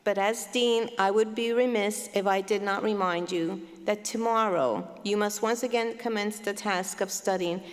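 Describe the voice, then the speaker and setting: A woman's voice: mid-range voice, fairly even intonation, moderate pace, few pauses. A woman dean giving a formal, emphatic commencement welcome speech from a podium microphone. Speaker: law school dean. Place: large hall at a graduation ceremony. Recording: long hall reverb.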